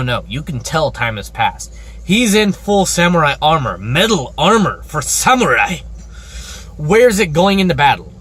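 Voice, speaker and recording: A man giving a casual, rambling vlog review with excitable, profane energy. He records himself in an outdoor store parking lot on a handheld phone. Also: fairly high pitch. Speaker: show reviewer.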